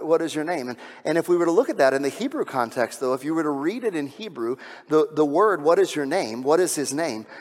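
Conversational preacher in a reverberant hall. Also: male voice, mid-range voice. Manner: conversational preaching, drops to a hush on solemn lines, builds loud on climaxes. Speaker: pastor. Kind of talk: sermon.

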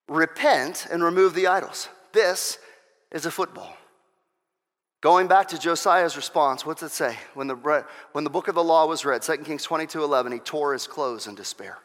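A man preaching a sermon with impassioned delivery, swinging between shouted exhortations and quieter teaching and firing off repeated rhetorical questions. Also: on the high side. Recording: long hall reverb.

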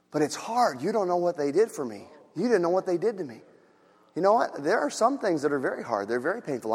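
A male pastor delivers a sermon in a large hall, his fairly high voice carrying a breathy edge. He alternates between soft, quiet speech and loud, shouted passages, acting out the voices of the characters in his stories.

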